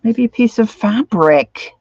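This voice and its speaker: A sleep-deprived crafting vlogger chats casually as she works on a craft project, rambling and humming or singing bits to herself. Her voice is fairly high, animated, a little slow and darkish. The dry recording has a dull, lo-fi home quality.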